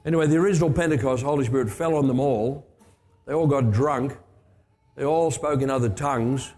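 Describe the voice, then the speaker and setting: An older man preaches a storytelling sermon in a warm, mellow voice, with chatty asides and restarts. His words ring out with a long hall reverb. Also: medium pitch, a little fast.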